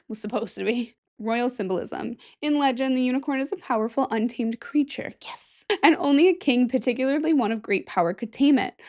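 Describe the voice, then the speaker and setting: Chatty young woman podcast host. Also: a little high. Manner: chatty, rambling, giggly asides. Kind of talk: casual solo podcast chat.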